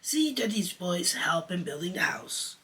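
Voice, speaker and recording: A man voicing a bossy, excitable boy leader who barks brisk orders in a raised voice. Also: sits high, far from the mic, pitched above the performer's own voice, heavily acted. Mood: commanding.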